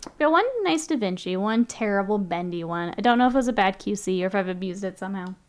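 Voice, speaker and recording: A woman's voice: medium pitch, expressive, fast, clean tone. A young woman streaming her miniature painting, chatting casually, reading chat aloud and laughing often.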